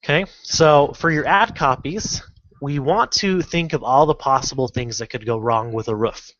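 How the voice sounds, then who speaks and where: A man teaching an online course in a casual, halting screen-recorded tutorial, full of fillers and restarts. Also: medium pitch, a bit bright, highs cut off. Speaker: online marketing instructor.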